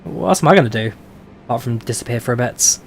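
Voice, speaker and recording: His voice is gravelly and medium-pitched, with lively intonation and a quick pace. This London-born flight sim streamer with a London accent chats casually on a live stream while flying, reading out viewer questions and answering with plenty of "uh"s. A little hiss or hum runs underneath.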